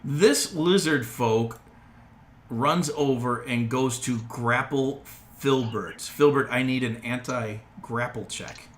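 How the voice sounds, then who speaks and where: Bright-voiced game master in an echoey room. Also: male voice, mid-range voice, takes it slowly. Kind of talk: narrating a tabletop game.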